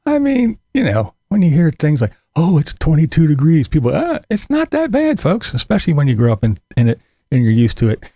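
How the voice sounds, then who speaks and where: A middle-aged man from Pennsylvania gives rambling, sarcastic commentary, swearing offhandedly. His voice sits a bit high and has a gravelly fry. It is recorded dry, close to the mic. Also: huge pitch swings, a little fast, warm tone, no room sound. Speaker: commentary channel host. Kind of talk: casual commentary on other creators.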